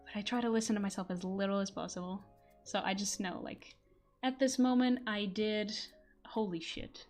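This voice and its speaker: A woman's voice: medium pitch, fairly even intonation, moderate pace, darkish tone, soft background music. Giggly woman with a non-native accent. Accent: non-native English accent. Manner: giggly, chatty, self-deprecating. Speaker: streamer and voice actor. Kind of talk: casual live-stream chat. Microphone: quiet desk mic.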